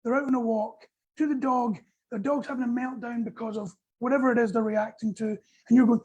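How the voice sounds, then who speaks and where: A Scottish man leading a dog training workshop, talking casually in an animated, joking way and acting out little scenes. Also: very high-pitched, a little fast, breathy edge, poor audio. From Scotland. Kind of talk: casual instructional talk. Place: small indoor workshop room.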